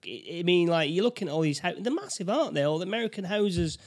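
A man's voice: high voice, lively intonation, fast talker. Stammering Englishman in casual chat. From England. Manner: stammering starts, agreeable interjections.

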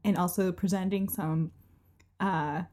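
A woman with a fairly low voice talks as a guest on a radio show. She lays out her plans in a measured, plain-spoken way. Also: steady tone, darkish tone. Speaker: guest, comics artist. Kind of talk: casual chat.

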